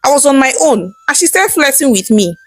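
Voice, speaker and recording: A woman's voice: sits high, sing-song, a little fast, dry recording, pitched above the performer's own voice. A woman voicing a scheming powerful man who speaks dismissively and slyly in a told folktale. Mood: smug. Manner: dismissive, sly.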